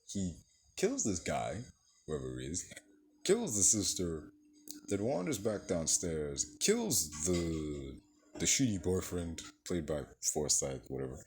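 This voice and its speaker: A man's voice: sits low, very animated, takes it slowly, a little mellow, a little hiss or hum. A man giving a casual, rambling film review, swearing freely and filling his sentences with "like" and "you know.". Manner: rambling, profane, heavy use of filler words. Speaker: movie reviewer.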